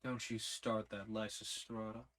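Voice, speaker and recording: A man playing a gruff injured man, pitched a little lower than the narration. He grumbles curtly and sounds fed up with being fussed over. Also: flat delivery, a little slow, a bit bright. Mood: irritable. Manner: grumbling, curt.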